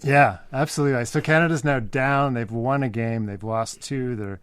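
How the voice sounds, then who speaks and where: A man's voice: mid-range voice, moderate pace, fairly bright tone, smooth, no room sound. A man hosting an interview, talking in an affirming, conversational way. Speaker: podcast host.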